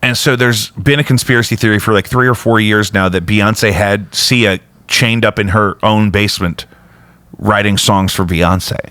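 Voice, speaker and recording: A man with a low voice hosts a loose, chatty podcast. He rambles between topics, throwing in jokes. The sound is dry and close, with no room echo. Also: steady tone, moderate pace, pushed and bright, clear, resonant tone. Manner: rambling, jokey, prone to sudden high-pitched bits. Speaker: podcast host. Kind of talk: casual chat.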